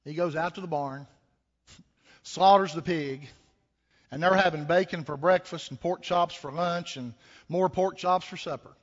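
Speaking a little slowly in a voice on the high side, a pastor preaches a homespun sermon. He asks rhetorical questions and shares a folksy story in a conversational way, recorded in a hall with echo and dull, lo-fi quality.

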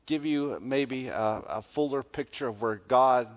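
A pastor preaching a sermon, telling a story in a conversational way that grows loud when excited. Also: male voice, mid-range voice, unhurried. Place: church sanctuary. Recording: dull sound with long church reverb.

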